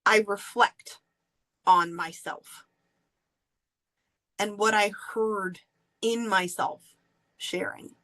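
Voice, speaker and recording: A woman hosts her own podcast and shares a personal story in a candid, animated way. She laughs often as she talks. Her voice sits at a middle pitch. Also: drawn-out words, pauses often, low-quality recording. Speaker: podcast host.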